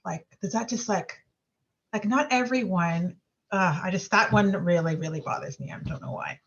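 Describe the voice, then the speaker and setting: Woman on a muffled lo-fi call, lowish voice, animated, keeps restarting. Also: moderate pace, a little hiss or hum. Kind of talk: casual group video call.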